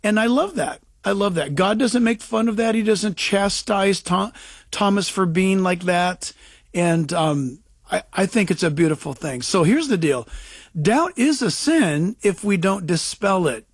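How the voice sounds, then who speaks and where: A man's voice: sits high, expressive, a little slow, slightly rough. A man giving a casual Bible teaching talk, emphatic and repetitive, often restarting his sentences.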